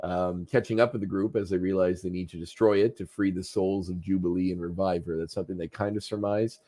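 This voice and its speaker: Chatty low-voiced man. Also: fairly even intonation, brisk, dark tone. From Canada. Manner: chatty, laughs often, slips into jokey voices. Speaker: podcast co-host. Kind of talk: casual chat recapping a cartoon.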